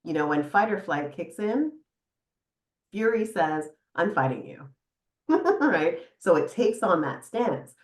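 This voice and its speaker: Middle-aged woman therapist chatting on a podcast, lowish voice, animated and laughy, roomy echo. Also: slow. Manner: animated, laughs often, guides listener through exercise. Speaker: psychotherapist guest. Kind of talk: casual podcast interview. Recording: echoey room.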